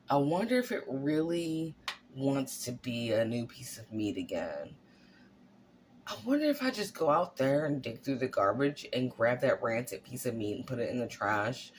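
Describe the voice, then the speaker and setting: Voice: medium pitch, a little hiss or hum. Blunt vlogger with a mid-range voice. Swears freely and keeps asking the listener rhetorical questions. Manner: animated, often tagging lines with "right?" and "okay?". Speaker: vlogger on narcissistic abuse. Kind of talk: casual monologue.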